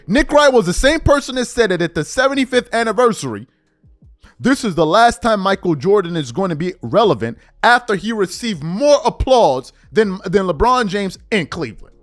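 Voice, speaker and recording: A man's voice: sits high, very animated, normal speed. A man hosting a sports commentary channel, delivering an indignant, mocking rant and mimicking people he quotes. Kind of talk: ranting sports commentary monologue. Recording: faint music bed behind voice.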